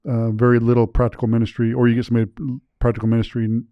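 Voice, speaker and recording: A man's voice: medium pitch, completely flat delivery, very fast, clean tone, dry recording, highs cut off. A man hosting a podcast in a studio, chatting casually and correcting himself as he goes. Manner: upbeat, rambling, self-correcting. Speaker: podcast host.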